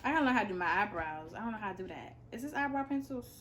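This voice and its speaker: A teenage girl opens gifts for her vlog and keeps shouting out her excitement. Her voice is bright and swings widely in pitch. A faint hiss sits under the recording. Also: rapid-fire, rough recording. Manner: excitable, loud repeated exclamations. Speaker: vlogger. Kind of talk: casual gift-opening vlog.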